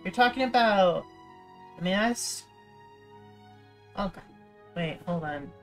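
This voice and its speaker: A woman's voice: medium pitch, lively intonation, slow pace. A woman streamer giving casual, rambling gameplay commentary, playful and often cutting herself off mid-thought. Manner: rambling, playful, self-interrupting. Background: faint game music.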